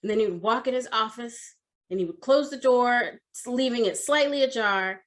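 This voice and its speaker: A woman in her forties with a somewhat high voice tells a personal story as a coach. She talks in an expressive, animated way, with frequent fillers. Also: moderate pace. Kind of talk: storytelling talk at an online summit.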